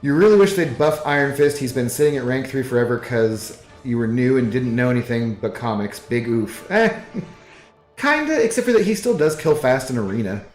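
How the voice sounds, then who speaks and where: Easygoing male game streamer, rambling chat, mid voice, echoey room, soft music behind. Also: medium pitch, expressive, normal speed. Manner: laid-back, rambling, reads chat aloud. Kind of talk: casual live-stream chat while gaming. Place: apartment living room. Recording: roomy echo with faint music.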